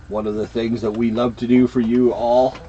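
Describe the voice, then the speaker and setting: Casting: relaxed, warm-toned man, loose rambling host, lo-fi muffled audio with faint hiss. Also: mid-range voice, a little fast. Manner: rambling, friendly, lots of fillers. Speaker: co-host of a card collecting channel. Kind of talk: casual chat.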